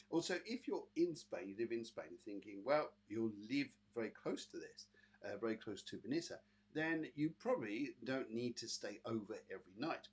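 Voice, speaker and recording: This psychic medium from Britain speaks in a lowish, breathy voice with a British English accent. Hosting a live online show, he gives readings in a chatty way, addressing viewers by name and using plenty of fillers.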